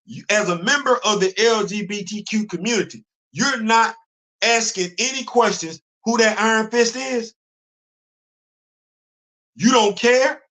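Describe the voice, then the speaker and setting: Man, high voice, live stream host, animated, rhetorical questions, repeats himself. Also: unhurried.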